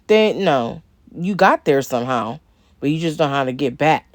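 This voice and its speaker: A woman's voice: deep voice, animated, moderate pace, no echo. A woman hosting a reaction video, bluntly and emphatically talking to her viewers. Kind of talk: casual reaction commentary.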